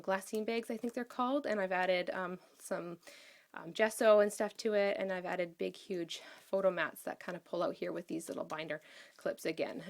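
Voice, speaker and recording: A woman chatting casually as she shows a handmade scrapbook album, gushing with praise and pausing often with ums. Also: lowish voice, vocal fry. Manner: enthusiastic, gushing, with many ums. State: out of breath. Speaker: craft vlogger.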